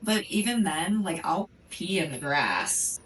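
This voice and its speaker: A young woman co-hosting a podcast in casual chat, teasing and reacting quickly. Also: on the low side, lively intonation, fairly bright tone, far from the mic, a little hiss or hum, low-quality recording. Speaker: podcast co-host.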